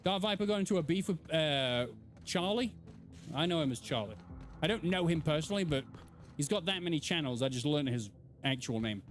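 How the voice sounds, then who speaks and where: An animated English man on a live game stream, chatting with his viewers and swearing freely. His voice runs high and swings a lot in pitch. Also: brisk. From England. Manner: animated, swearing, answering chat. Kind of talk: casual live-stream chat while gaming.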